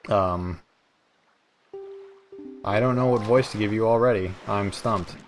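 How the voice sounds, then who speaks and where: A man's voice: lowish voice, measured pace, soft background music. A young man hosting a let's play, chatting in a rambling, self-mocking way with many fillers. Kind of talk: gameplay commentary.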